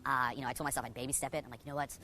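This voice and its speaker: A man's voice: mid-range voice, little pitch movement, racing, sharp tone, a little hiss or hum. A young man, a dating coach, telling his personal story to the camera in a candid way, full of swearing and "you know" fillers.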